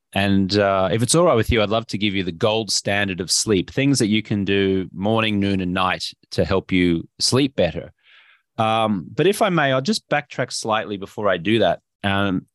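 Aussie guy talking fast and playful, voice jumps all over, dead dry mic. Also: fairly low pitch, no echo. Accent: Australian. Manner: emphatic, animated, playful. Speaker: podcast guest, health coach. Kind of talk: energetic interview talk.

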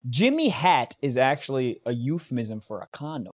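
A young man co-hosting a podcast, chatting casually, excitable and swearing often. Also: mid-range voice, normal speed. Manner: excitable, swearing, jumps in with exclamations. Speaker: podcast co-host. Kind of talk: casual chat.

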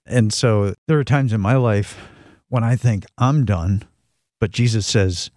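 A man co-hosting a faith talk, reflecting slowly and emphatically on a scripture passage. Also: fairly low pitch, a little mellow, dry recording, studio quality.

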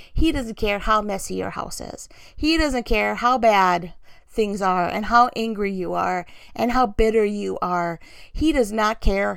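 A woman's voice: medium pitch, gravelly, dry recording. A woman talking candidly and confessionally about her faith and her life, with laughs as she tells stories. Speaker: christian vlogger. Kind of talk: personal devotional talk.

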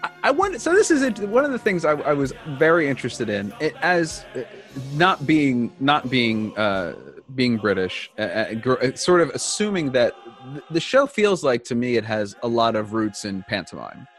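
Host guy thinking out loud, lots of restarts, faint music under him. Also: mid-range voice, big pitch swings, normal speed. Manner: thinks aloud with many restarts. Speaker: podcast host. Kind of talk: casual chat.

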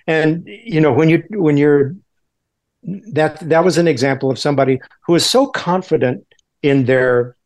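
A man being interviewed as a guest actor, talking in a halting way with many restarts and fillers. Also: a little high, a little mellow. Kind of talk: casual interview chat.

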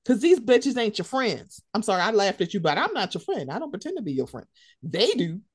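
A woman co-hosting a podcast, chatting casually and laughing a lot, with slangy, animated talk and quick bits of mimicry. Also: mid-range voice, breathy edge. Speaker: podcast co-host. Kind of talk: casual gossip chat.

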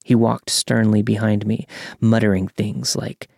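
The low, gravelly voice of a young man recounts a true scary story, steady and unhurried. The sound is close and dry, with no echo.

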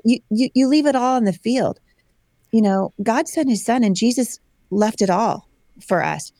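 A woman in her forties, a guest telling personal stories with lively energy and acted-out voices. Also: on the high side, moderate pace, dry recording, clean studio sound. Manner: animated storyteller acting out quoted voices. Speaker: guest, homeschooling mother. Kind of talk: personal storytelling in conversation.

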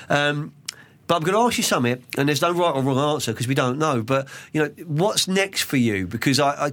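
A man's voice: medium pitch, fairly bright tone. A man hosting a studio interview in a chatty, matey way, often repeating words as he gets going. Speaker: podcast host. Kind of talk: casual interview chat.

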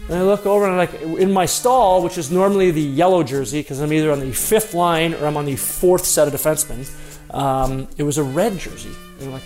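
Guy with a slightly high voice, rambling through a funny hockey story, pokes fun at himself. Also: a little fast, soft background music. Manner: rambling, animated, self-mocking storyteller. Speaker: former pro hockey player. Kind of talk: casual anecdote telling.

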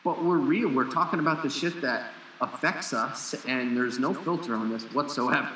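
A man talking bluntly on a casual podcast, frank and quick to swear. His voice is bright and forward at a middle pitch, with room echo around it and faint ambience underneath. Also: slight background noise. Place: lives in Costa Rica.

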